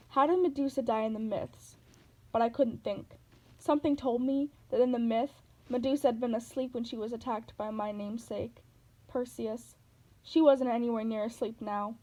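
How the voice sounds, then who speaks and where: Female narrator, novel read-aloud, warm tone, steady delivery. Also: on the high side, moderate pace, poor audio.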